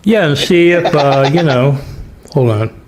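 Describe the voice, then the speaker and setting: A man's voice: a little high, lively intonation, measured pace, a little mellow. A man hosting a livestream, mocking a clip with sarcastic, profane commentary. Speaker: host.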